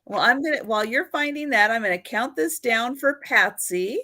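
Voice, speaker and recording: A woman's voice: fairly high pitch, lively intonation, moderate pace, hardly any pauses, sharp tone, dry recording. A woman hosting a live vintage sale, chatting easily, laughing often and counting down the sales. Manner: easygoing, laughs often, runs the auction countdown. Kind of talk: casual chat.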